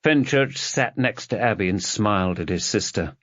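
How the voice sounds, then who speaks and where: A man narrating a mystery novel as an audiobook in an expressive reading. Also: on the low side, moderate pace, no room sound. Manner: expressive reading, voices the characters. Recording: dull, dry lo-fi recording.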